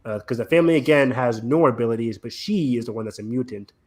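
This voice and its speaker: A man's voice: medium pitch, fast talker, darkish tone. A man hosting a casual podcast chat, talking eagerly with many fillers. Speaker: podcast host.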